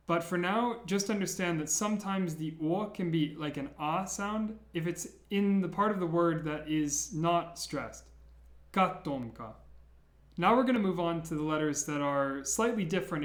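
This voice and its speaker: A man teaching a beginner language lesson, patiently repeating each sound slowly for learners. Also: fairly high pitch, echoey room.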